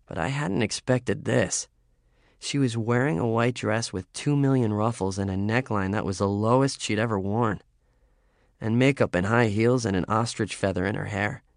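A man reading a first-person story as an audiobook narrator, in a measured, understated way. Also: fairly low pitch, no echo, clean studio sound.

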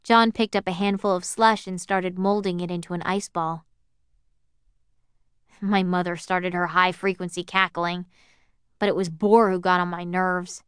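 A woman reading a first-person story aloud as an audiobook narrator, in an even, measured way. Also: fairly low pitch, clear, resonant tone, no echo, studio quality.

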